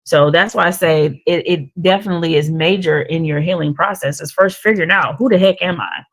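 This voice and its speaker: A woman co-hosting a casual faith-based talk show, speaking, naturally loud and animated, laughing easily. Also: on the low side, fairly quick, poor audio. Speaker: podcast co-host.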